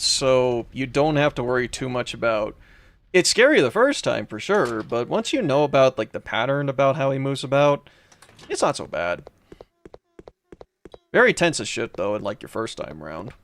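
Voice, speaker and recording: Young male streamer, mid-pitch, rambles casually between puzzles, reads chat aloud. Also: fairly bright tone. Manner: rambling, with frequent fillers and restarts. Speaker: let's play streamer. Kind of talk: casual gameplay commentary reading chat.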